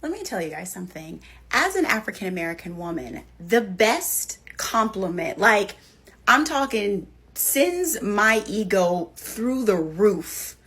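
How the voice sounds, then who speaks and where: Slow, breathy woman, wistful and emphatic. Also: medium pitch, very animated, fairly bright tone. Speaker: social media commenter. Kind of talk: slow reflective monologue.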